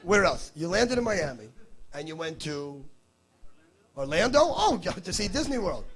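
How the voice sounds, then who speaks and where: A man's voice: sits high, very animated, moderate pace, fairly bright tone. A male stand-up comedian doing crowd work on stage, brash and teasing, with profanity. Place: comedy stage before a live audience.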